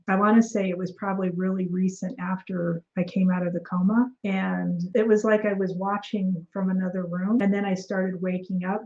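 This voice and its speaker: Mellow-voiced woman telling a story. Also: mid-range voice, dull audio. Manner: animated storyteller acting out dialogue. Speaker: guest, energy healer. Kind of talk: casual interview storytelling.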